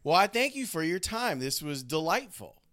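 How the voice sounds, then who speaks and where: A man's voice: a little high, sing-song, moderate pace, a bit bright. A man interviewing his mother, teasing her with affection as the host. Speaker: radio host, son of the guest. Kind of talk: casual family interview.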